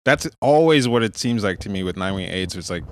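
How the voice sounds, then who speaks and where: Deep-voiced man explaining calmly. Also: brisk, a little hiss or hum. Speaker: podcast co-host. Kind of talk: casual group chat.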